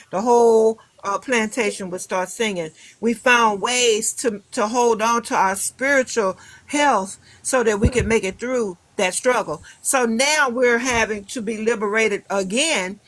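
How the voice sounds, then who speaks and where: A woman's voice: mid-range voice, a bit bright, dry recording. Emphatic rambling woman, dry close sound. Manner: rambling, emphatic, many restarts. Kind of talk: casual discussion.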